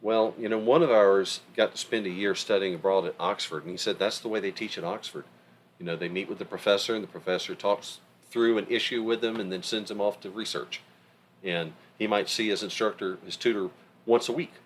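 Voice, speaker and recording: A man's voice: lowish voice, a little fast, slight background noise. A middle-aged man co-hosting a podcast, talking in a casual, emphatic way. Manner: animated, emphatic storytelling. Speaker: podcast co-host. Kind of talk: casual conversation.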